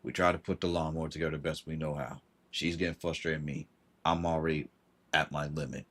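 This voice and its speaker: A man telling a personal story on a livestream, halting and repeating himself, with frustration in his voice. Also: very deep voice, little pitch movement, fairly bright tone. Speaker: vlogger.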